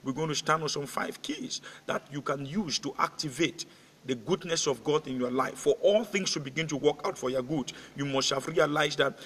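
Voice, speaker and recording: A man's voice: fairly high pitch, normal speed, a bit bright, slightly rough. A male pastor delivering an evening sermon in an emphatic, repetitive way, often asking "okay?" and restarting his sentences. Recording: long hall reverb.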